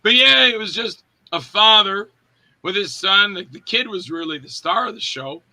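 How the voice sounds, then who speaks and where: A man's voice: high-pitched, moderate pace. A man in his fifties, an actor telling stories in a casual interview and acting out quotes in different voices. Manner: animated, acts out quotes in voices.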